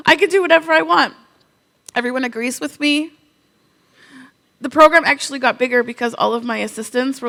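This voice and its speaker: A high-pitched woman from Canada delivers a conference keynote. She tells funny, animated stories and acts out quoted asides. Her voice is bright and forward. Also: vocal fry. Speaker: keynote speaker.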